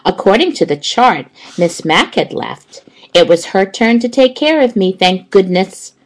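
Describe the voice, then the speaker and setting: A woman narrating a children's audiobook in an expressive, unhurried storytelling manner. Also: mid-range voice, poor audio.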